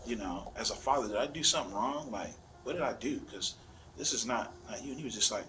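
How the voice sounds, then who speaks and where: A father in an interview, telling a painful story in a halting, searching way. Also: medium pitch, sharp tone, a little hiss or hum, rough recording. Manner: halting, searching, self-questioning.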